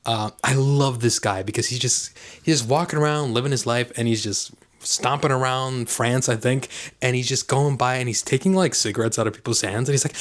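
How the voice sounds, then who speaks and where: A man's voice: mid-range voice, quick pace. A man hosting his own vlog, chatting casually and rambling with chuckles and self-mocking asides. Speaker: vlogger host. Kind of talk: casual chat to camera.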